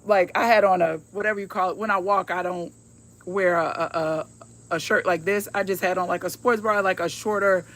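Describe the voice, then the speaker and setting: A woman's voice: fairly low pitch, fairly even intonation, fairly quick, a bit bright. A woman in her fifties hosting a casual livestream, chatting in a folksy way and calling her viewers y'all. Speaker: host of a livestream.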